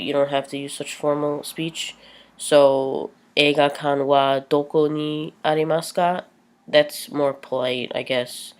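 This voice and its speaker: Chatty woman teaching basic words. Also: rumbling low. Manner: chatty, many ums, slows down to spell out words. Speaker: language teacher. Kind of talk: casual vlog lesson.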